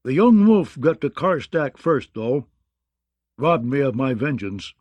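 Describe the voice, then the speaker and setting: A man voicing a gruff, bawdy, blustering male knight in an audiobook, with a mocking, growling manner. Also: mid-range voice, very animated, measured pace, darkish tone, no room sound. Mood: teasing. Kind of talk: audiobook character voice.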